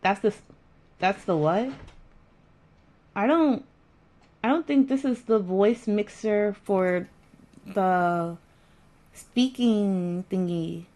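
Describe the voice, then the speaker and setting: A woman's voice: mid-range voice, slow pace, long pauses, warm tone, rough recording. A woman streamer chatting casually with her viewers, repeating herself and sounding mildly exasperated as she fiddles with her audio settings. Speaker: live streamer.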